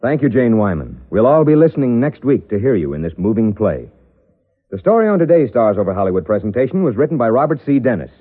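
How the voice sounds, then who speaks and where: Husky-voiced old-time radio announcer man. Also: medium pitch, big pitch swings, quick pace. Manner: smooth, salesy, emphatic. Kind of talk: 1950s radio announcing and ad reading. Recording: tinny lo-fi vintage radio broadcast.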